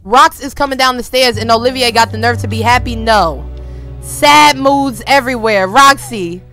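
A young woman casually commenting on her gameplay for viewers, excitable and quick to exclaim, with a lot of casual slang. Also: fairly high pitch, faint music behind. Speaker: game streamer.

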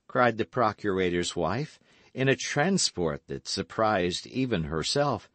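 Man reading an audiobook, slow and measured, dry close mic. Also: low-pitched, lively intonation, dry recording. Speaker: audiobook narrator. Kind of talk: scripted audiobook narration.

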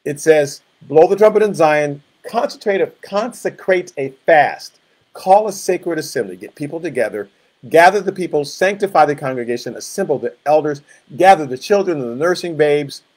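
A man's voice: on the high side, expressive, normal speed, darkish tone. A man leading a Bible study, reading scripture aloud and breaking it down with casual, conversational asides. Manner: reads scripture then explains it in casual asides. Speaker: pastor.

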